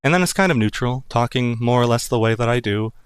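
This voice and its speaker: Man game master talking shop on character voices, smooth clear voice, dry close sound. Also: mid-range voice, animated, fast talker, no echo. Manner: thoughtful, thinking aloud with restarts. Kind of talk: casual chat about character voices.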